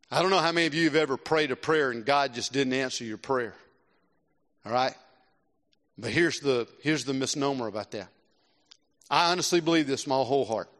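A middle-aged man from South Carolina preaching a sermon, animated and swinging between loud exclamations and hushed earnest tones. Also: mid-range voice. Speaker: visiting preacher. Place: large church with long reverb. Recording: reverberant church hall.

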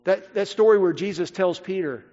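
A man preaching a sermon, swinging between loud emphatic lines and hushed, quiet passages. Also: high voice, normal speed. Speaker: pastor. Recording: dull audio with long hall reverb.

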